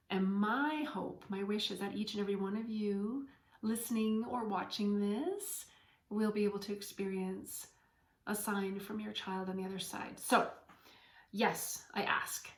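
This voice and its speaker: A woman hosting a podcast as a spiritual medium, speaking in an earnest, heartfelt and gently encouraging way. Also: medium pitch. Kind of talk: inspirational spiritual talk. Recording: echoey room.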